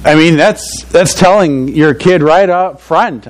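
An older man delivers a sermon in a plain, conversational way, earnest and direct. His voice sits a little higher than most men's. He leans on "you know" and chuckles now and then at his own stories. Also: slow pace, low-quality recording. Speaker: pastor.

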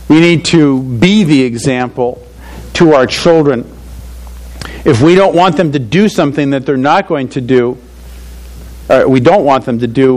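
An older pastor with a mid-range, somewhat mellow voice preaches to fathers in an earnest, conversational style, and the recording is rough. He says "you know" a lot and chuckles at his own stories.

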